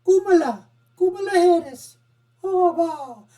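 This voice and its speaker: A man putting on an exaggerated Indian accent for a high, strained, mocking caricature voice. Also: measured pace, dark tone. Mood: mock panic. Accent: put-on Indian accent.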